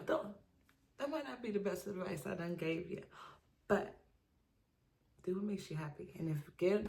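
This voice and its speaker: A woman's voice: medium pitch, darkish tone. A young adult woman talking casually to camera in an emphatic, chatty way, often asking "you know what I mean". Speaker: vlogger. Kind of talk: casual advice monologue to camera.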